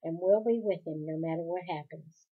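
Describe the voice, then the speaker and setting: A woman reading aloud and voicing a calm, loyal teenage boy. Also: on the low side, moderate pace, husky, phone-quality sound, voice pushed down. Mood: steady.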